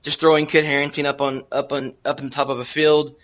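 A man co-hosting a casual fan podcast, excitable and quick to laugh. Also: a little high. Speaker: podcast co-host.

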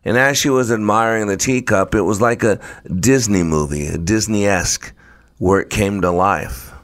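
A man telling a story in a low, measured and unhurried way. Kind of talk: spoken storytelling.

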